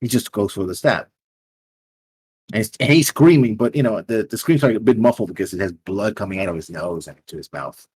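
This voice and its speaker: Husky low-voiced man running a game. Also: lively intonation, darkish tone. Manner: halting, rambling scene description. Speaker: game master. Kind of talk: narrating a tabletop game.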